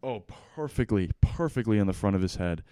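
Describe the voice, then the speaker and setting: A man's voice: lowish voice, brisk, smooth, no room sound. A young man, a fighter telling his story in casual chat, full of "like" fillers. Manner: animated storytelling, lots of "like" fillers. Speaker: fighter guest.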